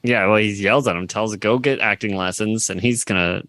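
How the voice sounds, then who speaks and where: Wry male podcast co-host, bright tone, dry sound. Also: fairly low pitch, brisk, no room sound. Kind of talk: casual chat.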